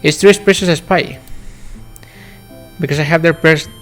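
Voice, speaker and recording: A man voicing a small, eccentric rabbit girl who cries easily, in a high, squeaky, childlike voice. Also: moderate pace, faint music behind, close to an everyday voice. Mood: excited.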